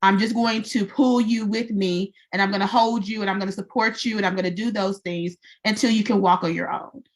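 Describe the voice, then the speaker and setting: Woman, mid pitch, casual co-host, animated storyteller, acts out quotes. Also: fairly quick. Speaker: podcast co-host. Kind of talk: casual faith-based chat.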